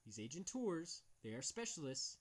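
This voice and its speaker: Man, slightly high voice, blunt and profane, reads quotes then mocks. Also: sing-song, moderate pace, husky. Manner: blunt, crude, mocking, swears often; reads passages aloud then comments. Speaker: video host reading from books. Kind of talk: casual, profane commentary reading quotes aloud.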